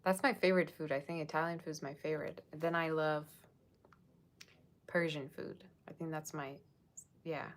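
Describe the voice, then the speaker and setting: A woman's voice: low voice, steady tone, moderate pace, long pauses. A woman giving a casual, rambling livestream tarot reading, chatting with viewers and thanking them by name. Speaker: tarot reader.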